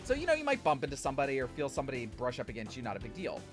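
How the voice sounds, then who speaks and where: A man's voice: medium pitch, huge pitch swings, very fast, music in the background. A young man streaming a game, telling a story in a rambling, self-deprecating way with lots of fillers. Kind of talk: casual chat while streaming a game.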